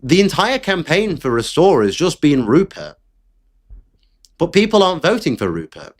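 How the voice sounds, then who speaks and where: A man's voice: fairly high pitch, very animated, normal speed. A man giving blunt, exasperated solo political commentary, with the odd swear word. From Britain.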